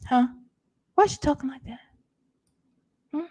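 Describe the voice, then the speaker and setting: A woman vlogger doing animated gossip commentary, repeating herself and talking back to her live chat. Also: high-pitched, unhurried.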